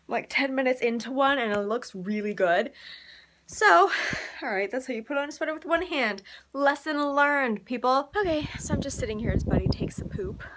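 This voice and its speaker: A young woman chatting casually to her camera in a vlog, excitable and swearing freely, with lots of fillers. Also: a little high, a little hiss or hum. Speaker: vlogger.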